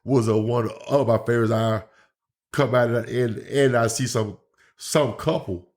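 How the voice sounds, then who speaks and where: A man talks in an easy, loose way, circling back and restarting his sentences as he tells stories from the ring. His voice sits at a middling pitch, the way a guest talks in a relaxed chat. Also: a little slow. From Memphis, Tennessee, USA. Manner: loose, rambling, many restarts and fillers. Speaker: pro wrestler, guest host. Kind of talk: casual storytelling chat.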